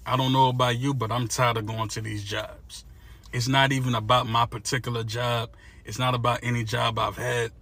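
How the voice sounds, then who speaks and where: A man's voice: mid-range voice, pushed and bright. A man ranting to his phone camera about being tired of working, weary and profane, laughing through his frustration. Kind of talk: emotional rant to camera.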